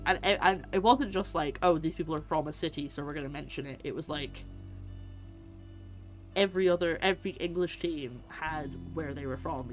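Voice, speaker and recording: A Scottish woman streaming a game and chatting casually in a rambling, animated way. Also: sits low. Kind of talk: casual chat while gaming.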